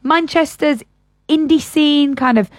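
A woman's voice: high-pitched, a little slow, no room sound. A young woman co-hosting a live radio show, rambling casually with lots of fillers. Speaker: radio co-host.

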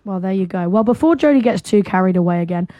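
A woman from the South of England co-hosting a radio show, teasing her partner in a playful, gently sarcastic way. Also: medium pitch, expressive, quick pace, dry recording, lo-fi sound. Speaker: radio co-host. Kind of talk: casual radio chat.

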